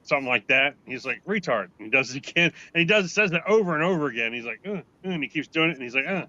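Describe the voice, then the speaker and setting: A man's voice: medium pitch, lively intonation, rapid-fire, bright, forceful tone, muffled recording. A man joking around in casual chat among friends, telling crude, profane, rambling anecdotes. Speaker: podcast co-host.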